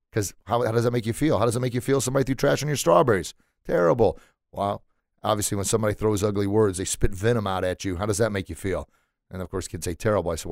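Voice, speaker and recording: A man's voice: lowish voice, a little mellow, no room sound, studio quality. A man and former teacher giving a casual motivational talk, earnestly repeating words as he searches for them and animatedly acting out how children react.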